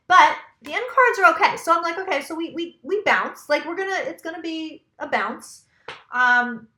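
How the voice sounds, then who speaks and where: A woman's voice: on the high side, pushed and bright. Chatty woman tarot reader, echoey room. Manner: chatty, rambling, swears casually. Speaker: psychic doing a tarot reading. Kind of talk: casual tarot reading monologue.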